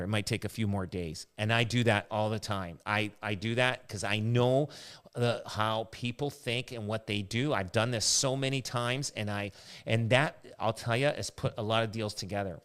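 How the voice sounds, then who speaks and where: A man's voice: on the low side, a bit bright, clean tone. Rambling man telling stories. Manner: rambling anecdotal storytelling. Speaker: realtor and podcast host. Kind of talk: casual podcast chat.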